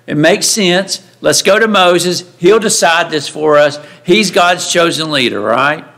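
Conversational preacher man, slightly high voice. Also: unhurried, a bit bright. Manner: conversational, asks the congregation frequent rhetorical questions; acts out the voices of Bible figures when quoting them. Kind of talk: sermon. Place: church sanctuary.

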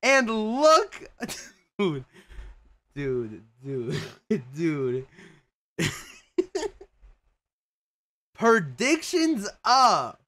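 A young male livestreamer with a fairly high voice that swoops all over the place. He talks slowly and loosely, cursing and breaking into sudden loud outbursts as he reacts to his chat. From Mexican heritage. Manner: excitable, profane, bursts into shouts and laughter. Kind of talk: casual livestream chat with viewers.

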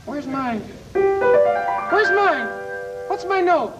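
Cautious little male puppet, very high voice, drawn-out slow speech, repeats words, lo-fi 1970s TV sound. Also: lively intonation, over loud music, heavily acted. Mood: wary. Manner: hesitant, wary, repeats words. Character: small earnest male puppet, cautious and gentle. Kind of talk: 1970s television puppet comedy. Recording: dull lo-fi broadcast tape.

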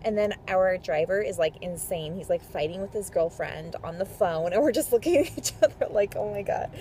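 A woman's voice: on the low side, animated, normal speed, warm tone. A woman talking casually to camera in a travel vlog, chatty and full of "like" and "um". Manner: chatty, filler-heavy with frequent "like" and "um". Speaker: vlogger. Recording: handheld vlog with noisy background ambience.

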